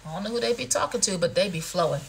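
A talkative woman runs a live product demo, easygoing and playful with her viewers. Her pitch sits in a middling range for a woman, and she keeps calling her audience "y'all" and "honey" as she chats. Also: lively intonation, rapid-fire, creaky, heavy background noise. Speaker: livestream shopping host. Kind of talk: casual product demo chat.

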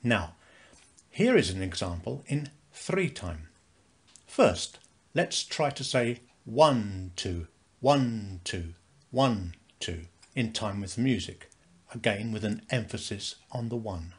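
Slow, lively British male music tutor. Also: on the low side. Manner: slow, clear, counting beats aloud with stress. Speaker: music teacher. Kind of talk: scripted instructional narration.

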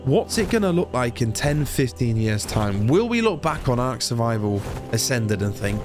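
A man's voice: mid-range voice, very animated, moderate pace, few pauses, music in the background. A man from England giving casual, rambling commentary while playing a video game, swearing now and then. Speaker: gaming YouTuber.

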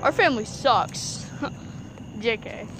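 A woman's voice: a little high, lively intonation, takes it slowly, over music, rough recording. A teenage girl chatting casually and rambling as she vlogs outdoors in the countryside. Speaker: vlogger. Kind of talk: casual vlog chat. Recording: phone recording outdoors with background noise.

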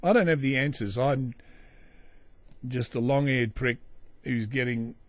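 A man's voice: mid-range voice, a little slow, dry recording. Wry Australian man hosting a podcast. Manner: rambling, wry, self-mocking, drifts into asides. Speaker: podcast host. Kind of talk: comic news commentary. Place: small back room.

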